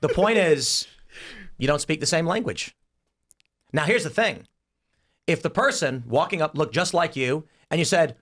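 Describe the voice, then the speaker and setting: A man's voice: on the high side, expressive, moderate pace, pauses often, a bit bright. A man hosting a casual panel debate, talking animatedly and acting out quoted voices as he lays out a scenario. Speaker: podcast host.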